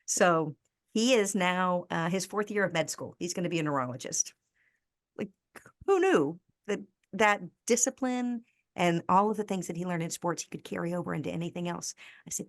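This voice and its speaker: An American woman in her fifties speaks as a podcast guest. She has a low voice and tells personal stories with earnest animation. The recording is dry and close, with little room sound. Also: expressive, moderate pace, no room sound. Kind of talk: conversational interview storytelling.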